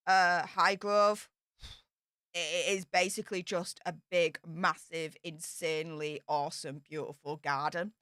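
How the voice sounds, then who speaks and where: A woman's voice: mid-range voice, sharp tone, smooth, no echo, studio quality. A woman casually commenting on royal news, reading out points and adding chatty, emphatic asides.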